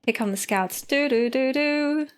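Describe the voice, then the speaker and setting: A woman's voice: high-pitched, measured pace, smooth. A woman casting a strategy game live on stream, playful and teasing, with frequent giggles.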